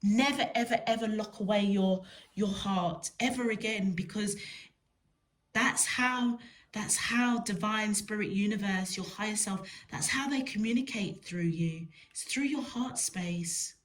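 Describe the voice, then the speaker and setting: A woman gives a tarot reading straight to her viewers. She talks at an unhurried, drawn-out pace at an ordinary pitch, leaning on words and repeating them for emphasis. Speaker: tarot reader. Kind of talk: spiritual tarot reading to camera.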